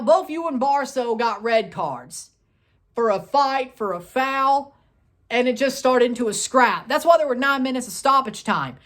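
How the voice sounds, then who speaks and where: A man hosting a soccer review video, ranting and scolding in repeated short bursts, with loud outbursts and low grumbling. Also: lively intonation, measured pace. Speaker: soccer fan video host. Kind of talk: post-match review rant.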